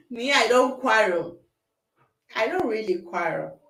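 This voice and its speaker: A woman hosts a casual livestream chat, answering comments as she goes. She is animated, laughs often and acts out arguments. Her voice sits a little high, and the room around her is echoey. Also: a little hiss or hum. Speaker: livestream host.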